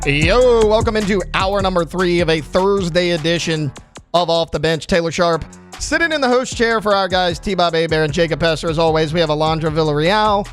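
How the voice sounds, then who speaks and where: Male sports radio host, high voice, joking and energetic, faint music. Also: a little fast. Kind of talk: casual sports talk radio.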